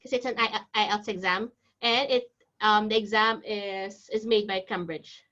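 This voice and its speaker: Over a video call with dull audio, a woman teaching IELTS exam prep walks students through each step, chatty and reassuring. Her medium-pitched voice sounds pushed and bright, with fairly even intonation and a moderate pace.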